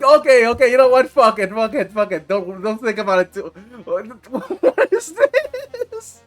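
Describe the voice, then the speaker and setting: A man commentating on a game during a live stream, excitable and swearing freely. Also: extremely high pitch, unhurried, soft background music. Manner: excitable and profane. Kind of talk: casual live gameplay commentary.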